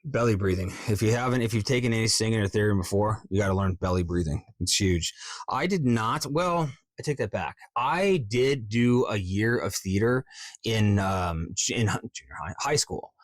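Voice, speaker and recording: A man's voice: on the low side, lively intonation, normal speed, no room sound. Profane rambling man in his forties. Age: 40s. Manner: profane, rambling, self-mocking. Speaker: voice actor. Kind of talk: casual vlog teaching script reading.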